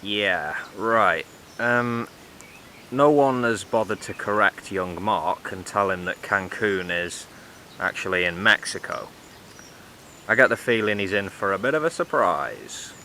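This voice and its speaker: A man giving sarcastic, deadpan commentary in a vlog with dry, mocking asides. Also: lowish voice, unhurried, slight background noise. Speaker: vlogger.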